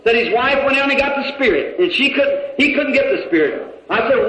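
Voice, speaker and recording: A man preaching a sermon, retelling a conversation in a folksy way and breaking into shouts, recorded in a church hall. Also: very high voice, lively intonation, fairly quick. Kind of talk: sermon storytelling. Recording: echoey, dull old hall recording.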